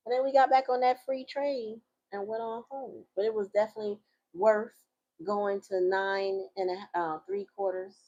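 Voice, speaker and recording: A woman's voice: medium pitch, muffled recording. A middle-aged woman, host of her own channel, chatting casually and telling a story in a slangy, laughing way. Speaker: tarot reader and channel host. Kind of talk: casual chat.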